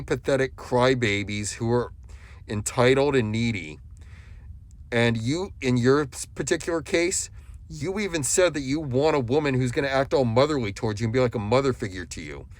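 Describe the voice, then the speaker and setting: A young adult man delivering a scolding monologue at another YouTuber, lecturing in a contemptuous, repetitive way. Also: mid-range voice. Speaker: YouTube commentator.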